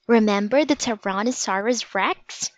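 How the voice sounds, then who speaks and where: A woman voicing an eager, bold young girl in a storybook reading, talking with excited, pleading insistence. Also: medium pitch, unhurried, no echo, lightly acted. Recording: dry, slightly dull audiobook recording.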